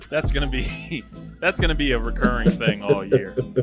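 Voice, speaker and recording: A man's voice: mid-range voice, normal speed, loud music behind the voice. A man hosting a sports podcast in upbeat, teasing banter. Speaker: podcast host.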